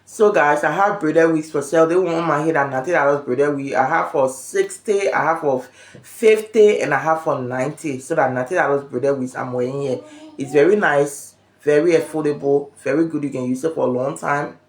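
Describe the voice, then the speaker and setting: A woman's voice: low-pitched, brisk, hardly any pauses, roomy sound, a little hiss or hum. A woman, hosting a casual gossip chat from home on her phone and telling the story with voiced quotes. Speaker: vlog host.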